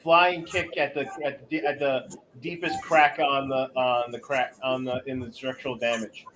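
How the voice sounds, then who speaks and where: A man's voice: mid-range voice, little pitch movement, normal speed, background noise. A man playing a tabletop game, stating his character's actions plainly and directly. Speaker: player. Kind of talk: casual tabletop game play.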